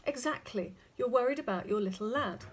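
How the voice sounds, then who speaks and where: A woman's voice: a little high, animated, a little fast, slightly rough. A woman doing a polite hedgehog neighbour. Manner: polite, friendly.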